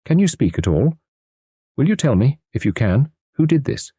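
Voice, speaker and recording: Spirited young woman detective, voiced by a male narrator, quick and impulsive, lifted pitch, lively delivery, for a storybook. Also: breathy edge, dry recording, studio quality, full character voice. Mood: gentle.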